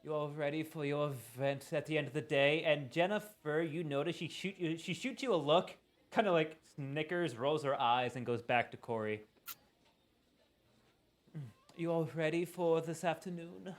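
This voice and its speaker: A man's voice: on the high side, normal speed, lightly acted. A man voicing a vain, catty teenage girl influencer in a tabletop role-play, gushing and slangy with dismissive sighs. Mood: snide.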